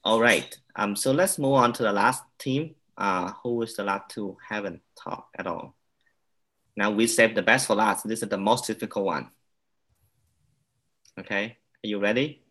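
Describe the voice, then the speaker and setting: A man instructor runs the class briskly and keeps it moving. His voice sits low. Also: fairly bright tone. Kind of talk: classroom facilitation.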